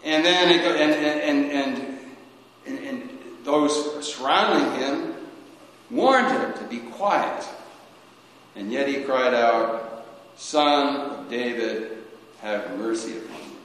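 A man preaching a sermon as a priest, slow and halting, often restarting his sentences. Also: mid-range voice, lively intonation, a bit bright. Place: church. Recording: echoey church with long reverb.

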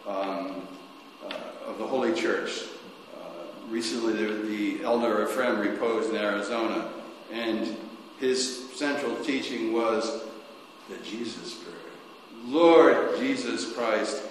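A man preaching a sermon, speaking slowly and haltingly, rising suddenly and then dropping softly. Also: mid-range voice. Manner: slow, halting, with sudden rises and soft drops. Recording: echoey church hall, faint noise.

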